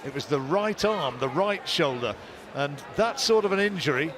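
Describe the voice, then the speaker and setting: Brief: male fight caller, measured play-by-play, busy crowd noise behind. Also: fairly high pitch, expressive. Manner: measured play-by-play, rising on big shots. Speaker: boxing commentator. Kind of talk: live fight commentary. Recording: commentary mix with loud arena noise.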